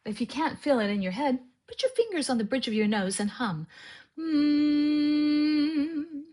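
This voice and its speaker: A woman giving a calm spoken lesson on narration technique and demonstrating exercises aloud. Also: on the high side, a little fast, husky. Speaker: author teaching audiobook narration.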